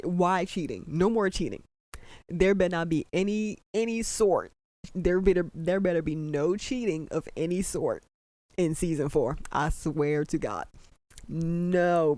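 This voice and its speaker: A man's voice: on the high side, darkish tone, no room sound. Emphatic young man ranting on a podcast. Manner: emphatic, repetitive, exasperated ranting with frequent "bro" and "like". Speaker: podcast host. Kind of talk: casual commentary podcast.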